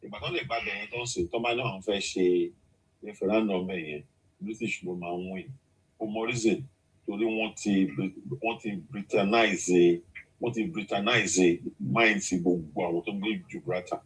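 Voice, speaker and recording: A man's voice: on the low side, steady tone, moderate pace, poor audio. A man speaking emphatically on a radio discussion, switching between Yoruba and English.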